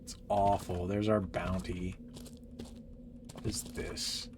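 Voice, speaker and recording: A man's voice: low-pitched, level tone, takes it slowly, noisy background. A man giving casual, exasperated commentary while playing a game, swearing and laughing as he rants. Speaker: gaming channel host.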